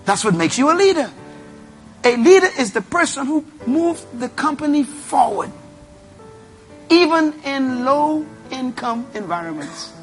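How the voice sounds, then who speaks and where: Emphatic high-voiced man preaching leadership. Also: sing-song, measured pace, soft background music. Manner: emphatic, repetitive, commanding the audience. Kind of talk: motivational sermon.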